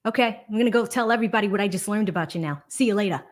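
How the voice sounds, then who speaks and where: Woman putting on a prying Boston neighbor lady, loud and fast with the questions. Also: mid-range voice, natural voice. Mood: nosy. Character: nosy chatty older woman neighbor, thick Boston accent.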